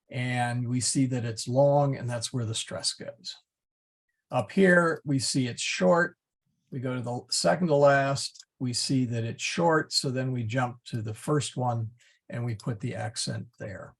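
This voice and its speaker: A man teaching a class, explaining step by step in a patient, methodical way with frequent pauses and fillers. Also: mid-range voice. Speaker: Latin teacher.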